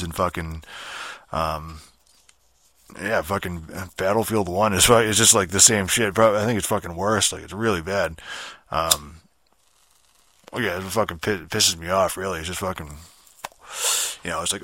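Deep-voiced man ranting, swearing constantly. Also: moderate pace, pauses often, bright, forceful tone, no room sound. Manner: profane, rambling, with many fillers and restarts. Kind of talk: casual rant monologue.

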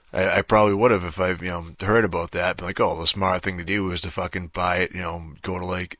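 A low-pitched man speaks in a pushed, bright voice with no room sound, ranting casually to camera about a game release. He rambles in frustration, swearing constantly and filling gaps with fillers.

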